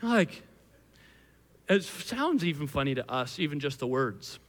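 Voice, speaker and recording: A male pastor preaching a sermon to a live congregation, telling the story in an animated, conversational way with frequent restarts. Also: a little high, measured pace. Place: church hall with a live congregation. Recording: long hall reverb.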